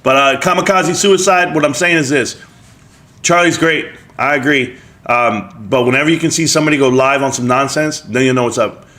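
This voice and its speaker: A man's voice: medium pitch, moderate pace, sharp tone. A man hosting a live stream, chatting casually and reading viewer comments aloud with joking banter and frequent laughs.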